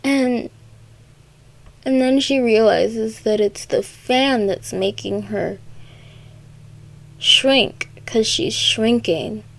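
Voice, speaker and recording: A woman's voice: a little high, very slow, gravelly, long pauses. A young woman recapping a story for comedy, with sarcastic, rambling asides. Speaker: video creator.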